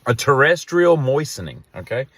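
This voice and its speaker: A man's voice: medium pitch, sing-song, normal speed, a bit bright, no room sound. A man telling a rambling story and ranting casually to camera, exasperated. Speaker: vlogger.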